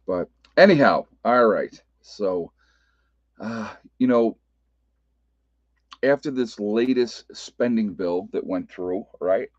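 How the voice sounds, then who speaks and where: On dull lo-fi webcam audio with no echo, this Appalachian-accented livestream host speaks on the low side, slowly and with frequent pauses. His talk is loose and casual, with plenty of laughter and restarted sentences.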